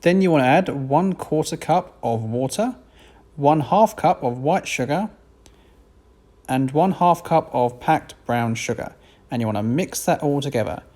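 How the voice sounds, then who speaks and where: A man's voice: a little high, animated, a little slow, darkish tone. A British man giving a casual, self-deprecating voiceover for a home cooking video. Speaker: cooking vlogger.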